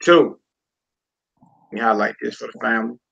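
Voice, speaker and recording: A man teaching a live-streamed Hebrew lesson casually, repeating words and drilling syllables slowly. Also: medium pitch, gravelly, a bit bright, husky, lo-fi sound.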